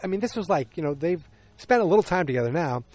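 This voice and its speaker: A man's voice: on the high side, quick pace, no room sound. Rambling, chatty man recapping a show. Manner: rambling, self-correcting storyteller with frequent fillers; animated, exclamatory asides. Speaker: podcast host. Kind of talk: casual solo podcast recap.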